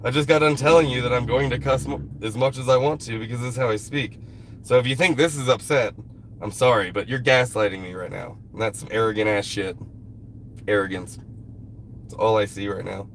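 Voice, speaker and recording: A man fighting a cold live streams from a rural camp outdoors, chatting casually, cursing bluntly and getting irritated at a commenter. His mid-range voice is fairly even and a little fast, with slight background noise.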